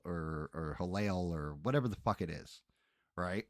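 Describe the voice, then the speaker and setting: Male streamer, lowish voice, dry headset sound, profane exasperated rant. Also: lively intonation, moderate pace, no room sound. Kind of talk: casual ranting stream chat.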